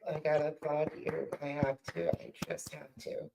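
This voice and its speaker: A man's voice: on the high side, little pitch movement, normal speed, gravelly, background noise. A man hosting a podcast interview, speaking earnestly and enthusiastically. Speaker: podcast host. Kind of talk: casual interview.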